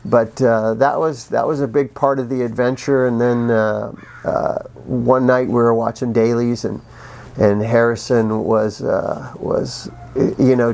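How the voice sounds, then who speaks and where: Animated middle-aged man telling film stories. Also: medium pitch. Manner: animated, acts out sounds with vocal effects; frequent restarts and pauses, laughs while telling. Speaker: actor telling behind-the-scenes stories. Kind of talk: casual anecdotal storytelling.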